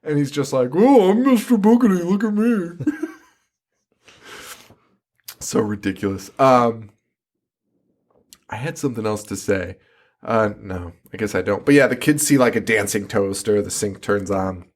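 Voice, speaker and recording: In a casual movie-review chat, this podcast host speaks at a normal speed in a voice on the low side. Profane and quick to laugh, he keeps breaking into silly voices to act out the film's characters and scenes.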